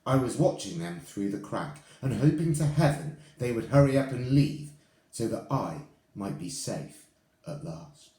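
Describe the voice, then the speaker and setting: Male storybook reader, lively and expressive, echoey room. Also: mid-range voice, unhurried. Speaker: narrator reading a children's book. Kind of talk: storybook reading aloud.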